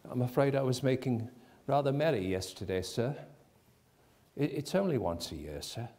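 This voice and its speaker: A man playing a timid office clerk who stammers out nervous, hurried apologies. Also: mid-range voice, animated, darkish tone, natural voice. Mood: anxious.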